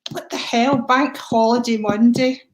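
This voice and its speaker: A woman's voice: fairly high pitch, fairly even intonation, a little slow, a little hiss or hum. Chatty Scottish woman hosting a livestream. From Scotland. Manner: chatty, affectionate, addresses viewers as darling and sweetheart. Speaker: psychic medium livestream host. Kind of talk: live-stream chat greeting viewers.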